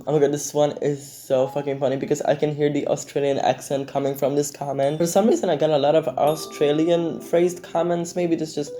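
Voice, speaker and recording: A man's voice: on the high side, mellow. A teenage boy, sarcastically reading and answering comments in a casual commentary, swearing often. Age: teens. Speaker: YouTube commentator.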